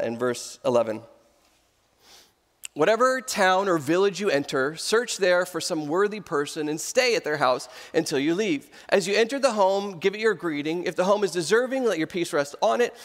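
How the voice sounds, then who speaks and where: A man's voice: a little high, normal speed, in a large hall. A man in his thirties preaching a sermon as pastor of a church, telling stories and acting out the voices in them. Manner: animated storytelling, acts out quoted voices. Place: church auditorium.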